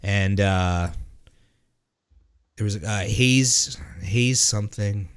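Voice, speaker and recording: A male co-host of a casual drinking podcast rambles and swears, halting often with fillers and restarts. His voice is fairly low-pitched and clean.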